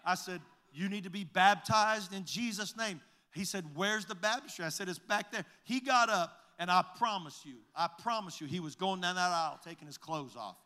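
A male pastor recounts a story from the pulpit, retelling each exchange as "I said, he said" with frequent restarts. His voice sits a bit high for a man and sounds bright and forceful. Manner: halting restarts and repeated words. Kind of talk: storytelling sermon.

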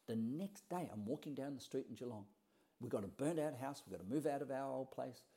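A man's voice: mid-range voice, animated, fairly quick, dark tone. A man telling a personal story in a casual, blunt way, acting out the quoted dialogue and swearing now and then. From Australia.

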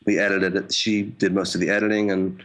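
Low-voiced man, hesitant musician. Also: little pitch movement, fairly quick, fairly bright tone. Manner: hesitant, many restarts and fillers; wry, self-mocking humor. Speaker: jazz musician. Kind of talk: casual interview talk.

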